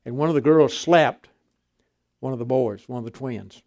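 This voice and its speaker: An older man preaching a sermon, swinging from loud emphatic declarations to quiet, folksy storytelling. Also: mid-range voice, moderate pace.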